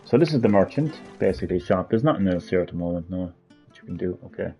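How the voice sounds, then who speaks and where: A man's voice: deep voice, expressive, fast talker. A man giving casual, rambling let's-play commentary, blunt and thinking aloud. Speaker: gaming video host. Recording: lo-fi with game music behind.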